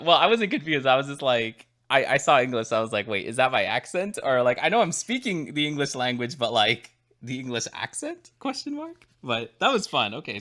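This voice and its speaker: Chill young guy cohosting a podcast, lots of likes and laughs, really expressive voice. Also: mid-range voice. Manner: easygoing, laughs a lot, many "like" fillers. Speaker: podcast co-host. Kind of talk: casual chat.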